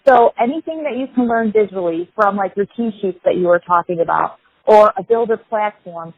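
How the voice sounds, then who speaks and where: A woman's voice: mid-range voice, fairly quick, slightly rough, no echo. A woman guest in a business interview who sounds practical and encouraging, often checking in with "right?". Her mid-range voice is dry and close. The sound is thin and phone-like. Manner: practical and encouraging, tag questions. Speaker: guest, home builder. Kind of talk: conversational interview.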